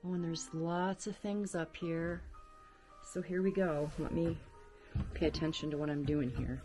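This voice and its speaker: A woman vlogger narrating as she explores an abandoned farmhouse attic, chatty and exclaiming at creaking floors, recorded on a handheld camera. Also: low-pitched, steady tone, measured pace, over music.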